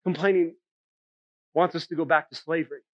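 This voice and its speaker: Man preaching, pastor, high voice, chatty sermon style, slightly muffled recording. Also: fairly even intonation, fairly quick, a little mellow. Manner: conversational preaching, frequent "right?" and "okay?".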